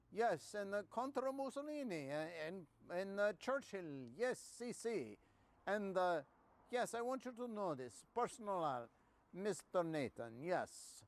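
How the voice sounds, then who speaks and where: A man plays a gushing boss who rambles in halting bursts. His high voice swoops up and down all over the place. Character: excitable Italian male agency boss.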